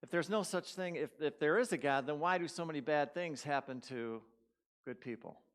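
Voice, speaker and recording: A man's voice: a little high, normal speed, fairly bright tone, natural voice. A man voicing a skeptical male barber inside a joke he tells from the pulpit. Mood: puzzled.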